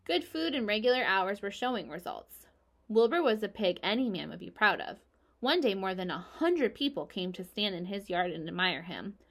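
A woman reading a children's book aloud, her voice sitting at an ordinary middle pitch. She keeps a steady, even storybook pace, calm and clear for young listeners. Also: normal speed.

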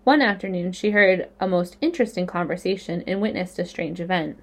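A woman's voice: lowish voice, a little fast. Woman reading a storybook aloud. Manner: clear, expressive storytelling. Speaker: narrator. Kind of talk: reading a children's novel aloud.

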